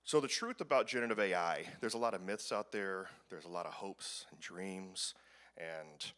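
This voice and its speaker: A man's voice: deep voice, normal speed, fairly bright tone. A man giving a conference presentation in a casual, rambling, self-deprecating way. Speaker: conference speaker. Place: conference room.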